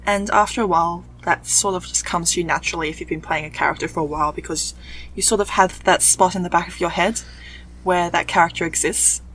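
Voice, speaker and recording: A woman with a soft Australian accent that leans English, chatting at length as a podcast guest. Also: lowish voice, steady tone, quick pace, a little hiss or hum, low-quality recording. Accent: soft Australian, leaning English. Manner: chatty, explains at length with fillers. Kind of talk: casual podcast chat.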